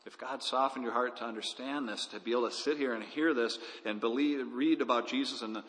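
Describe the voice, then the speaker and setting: A man's voice: mid-range voice, brisk, a bit bright. A man preaching a sermon as a pastor, earnest and pleading with emphatic delivery. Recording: hall reverb.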